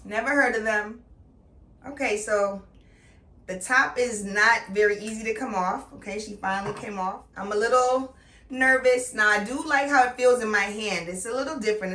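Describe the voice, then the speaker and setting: A woman's voice: medium pitch, moderate pace, sharp tone, recorded from a distance. Chatty woman in an echoey room. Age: middle-aged. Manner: chatty, playful and emphatic. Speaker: beauty vlogger. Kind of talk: casual product review.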